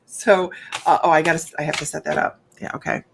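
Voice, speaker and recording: A woman's voice: low voice, level tone, a little fast, noisy background. Chatty woman psychic on a livestream. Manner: rambling and chatty, restarts often, talks straight to viewers. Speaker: psychic medium. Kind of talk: live-streamed psychic reading and chat.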